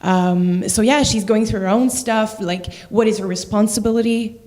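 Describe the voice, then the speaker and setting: A woman's voice: mid-range voice, moderate pace, darkish tone. A woman from Quebec with a French Canadian accent, an actor chatting about her role in a stage play and laughing often. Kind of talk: interview chat.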